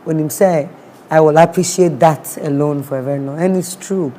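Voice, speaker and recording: Her voice is deep, steady and mellow, at a moderate pace, with slight background noise. She's a guest with a Ghanaian accent, telling a personal story with feeling, imitating what people said and using some Twi words.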